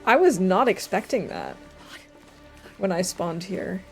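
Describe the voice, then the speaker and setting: A young adult woman streamer chatting casually while playing a game, reading chat aloud and dropping quiet asides. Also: fairly low pitch, very animated, slow, soft background music. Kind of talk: casual gameplay commentary.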